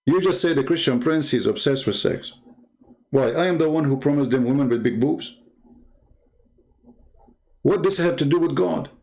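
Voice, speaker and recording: A man's voice: fairly high pitch, moderate pace, vocal fry, long pauses, a little mellow. A man hosting a religious debate channel, talking in a combative, mocking way full of rhetorical questions, in non-native English. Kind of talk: heated polemical commentary.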